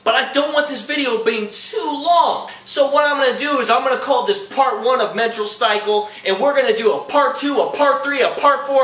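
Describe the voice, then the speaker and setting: High-voiced ranting young man. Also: echoey room, rough recording. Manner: ranting, acts out quoted girlfriend lines, bursts into shouting. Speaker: comedy vlogger. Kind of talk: comedic rant to camera.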